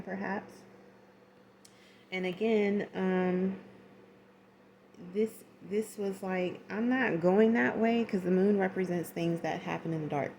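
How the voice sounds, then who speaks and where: A woman's voice: medium pitch, dark tone, slight background noise. A woman giving a casual tarot reading, chatty and slangy, acting out little scenes as she goes. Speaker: tarot reader.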